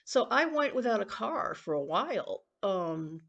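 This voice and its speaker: Woman in her sixties, lively, confiding. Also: mid-range voice, a little slow, creaky, lo-fi sound. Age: 60s. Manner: rambling, confiding, aggrieved. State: coughing, throat-clearing. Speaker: vlogger. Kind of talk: casual personal vlog.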